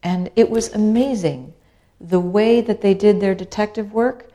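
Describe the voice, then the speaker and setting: A middle-aged woman, an author, tells a personal story in a talk with rhythmic repetition and lively shifts as she acts out other people's words. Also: mid-range voice, a little slow. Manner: animated storyteller, acts out quoted voices; repeats phrases for rhythm. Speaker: author and speaker.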